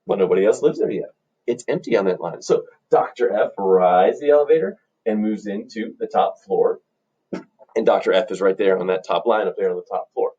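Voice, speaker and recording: A man teaching music by telling a playful story to children, in an animated storyteller manner. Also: on the low side, a little fast, breathy edge, recorded from a distance. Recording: dull lo-fi recording.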